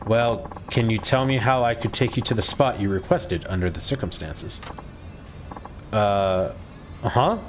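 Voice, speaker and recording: A man's voice: on the low side, animated, a little slow, lo-fi sound, slight background noise. Man narrating a game playthrough. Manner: reads dialogue aloud, musing commentary. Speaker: video game streamer. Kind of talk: game playthrough, reading and commenting.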